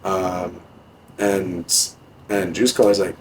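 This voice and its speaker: A young man tells stories as a podcast guest, relaxed and loose, dropping swear words and fillers freely. His voice sits low, with a faint hum of ambience behind it. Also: moderate pace, low-quality recording. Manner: laid-back, heavy swearing, many fillers. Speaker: podcast guest, music producer. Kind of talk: casual storytelling.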